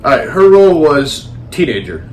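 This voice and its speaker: A man co-hosting a casual movie review chat, talking in a rambling, animated way with some swearing. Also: a little high, normal speed, slight background noise. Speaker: podcast co-host.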